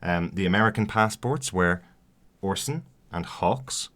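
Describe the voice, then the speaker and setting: A man from outside the US co-hosts a podcast, casually discussing a TV episode in a low, fairly bright voice at a slightly slow pace. He sounds hesitant, with lots of fillers and restarts.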